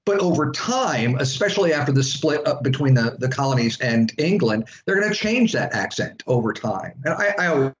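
Guy teaching history, chatty and rambly, echoey classroom, kinda muffled. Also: medium pitch. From Florida. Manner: chatty, digressive, with asides to students. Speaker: history instructor. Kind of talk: classroom lecture. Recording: echoey room, dull lo-fi sound.

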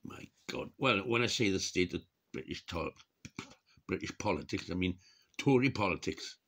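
A man's voice: low voice, lively intonation, moderate pace, a bit bright, a little hiss or hum. A man talking casually and wryly to his camera in a rambling vlog monologue. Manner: chatty, wry, given to chuckling asides. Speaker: vlogger.

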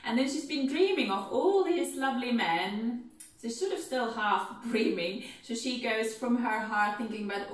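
A woman dance teacher guiding an online movement class with gentle, step-by-step instructions. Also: on the high side, normal speed. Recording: very echoey room, mic far off.

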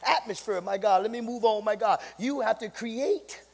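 Man, pastor, sermon, gravelly voice, long reverb. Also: high voice, moderate pace. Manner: builds to shouting, repeats "my God" often. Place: church sanctuary.

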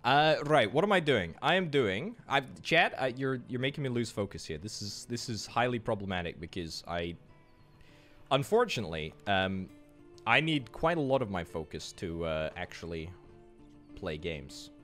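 Scottish man, game streamer, chatty and joking, animated voice, faint music behind. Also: fairly low pitch. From Scotland. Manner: chatty, answering viewer chat with quick joking replies. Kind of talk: casual livestream chat while gaming.

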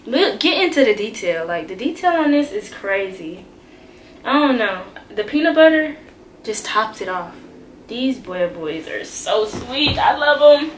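A young woman hosting a casual shoe-collection vlog, slangy and animated, swearing freely and talking straight to her viewers. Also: a little high, a little slow, roomy sound, slight background noise. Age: young adult. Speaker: vlogger. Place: bedroom with shoes behind her.

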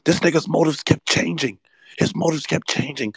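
A man in his twenties ranting late at night, swearing nonstop and swinging between hushed whispers and loud outbursts. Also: on the high side, normal speed, breathy edge, no echo. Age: 20s. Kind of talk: late-night profane rant, often whispered. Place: at home at night while others sleep.

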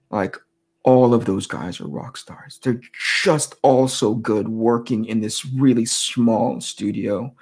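Husky-voiced man telling stories. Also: medium pitch. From United States. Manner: animated anecdotes with laughs and quoted dialogue. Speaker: guest comic artist. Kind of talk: casual interview storytelling.

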